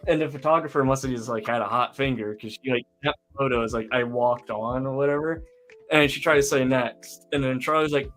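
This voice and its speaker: A man's voice: mid-range voice, steady tone, fairly quick, fairly bright tone, faint music behind. A man co-hosting a casual online chat show, telling a long story with lots of fillers. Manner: rambling storyteller, many fillers. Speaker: podcast co-host.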